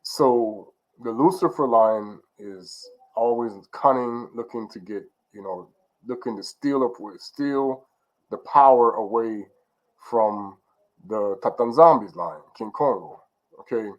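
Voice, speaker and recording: A man's voice: medium pitch, slow, darkish tone, highs cut off. A man giving an informal spiritual teaching, rambling with many fillers and restarts and often checking in with "okay?".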